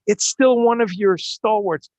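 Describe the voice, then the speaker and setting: A man hosting a streamed interview, talking in a casual, animated way with frequent restarts. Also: high voice, measured pace, dry recording. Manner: animated, chatty, many restarts. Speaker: podcast host.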